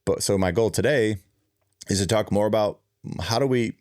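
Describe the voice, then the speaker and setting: A man's voice: lowish voice, normal speed, a little mellow, no room sound, studio quality. A man hosting his own show, earnestly telling a personal story in a reflective way, with frequent fillers and restarts. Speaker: podcast host and keynote speaker.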